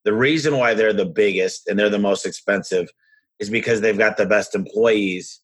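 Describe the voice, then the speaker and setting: A man hosting a podcast and telling business stories in an energetic, frank, rambling way. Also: lowish voice, normal speed, breathy edge. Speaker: podcast host and business owner. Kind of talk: casual conversational storytelling.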